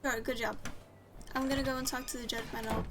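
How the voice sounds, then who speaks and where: A woman's voice: a little high, level tone, fast talker, background noise. A woman streamer chatting casually and giggling as she plays a game, rambling with enthusiasm. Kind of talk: casual let's-play commentary. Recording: voice over game music.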